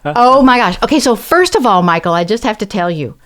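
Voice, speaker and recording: A woman's voice: mid-range voice, big pitch swings, a little fast, a bit bright. A woman with a Southern American accent, a podcast guest, telling a personal story in an earnest, reflective way and acting out the people she quotes. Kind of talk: conversational storytelling.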